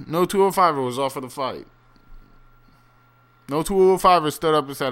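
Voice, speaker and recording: A man's voice: a little high, normal speed, a bit bright. Rambling, profane man ranting casually. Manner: rambling and profane, many fillers and restarts; incredulous ranting. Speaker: solo fight commentator. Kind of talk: casual unscripted monologue.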